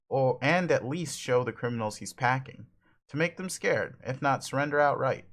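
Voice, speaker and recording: A chatty, upbeat young adventurer who rambles along in quaint old-fashioned words, as a man reads him aloud. His voice is ordinary and mid-pitched. This is a comic read aloud with voices. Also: fairly bright tone, natural voice.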